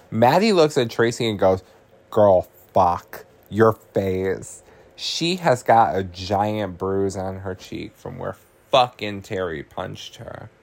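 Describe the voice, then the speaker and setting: Low and somewhat dark in tone, a man's voice runs through a chatty podcast recap of a horror comedy. As host, he laughs, swears, and peppers his talk with "um" and "like."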